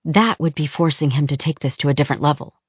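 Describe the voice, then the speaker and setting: A woman narrates an audiobook in a measured, even storytelling manner. Her voice is low. She is close on the mic in a dry space, and the audio is a bit dull. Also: breathy edge, no room sound. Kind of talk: scripted narration.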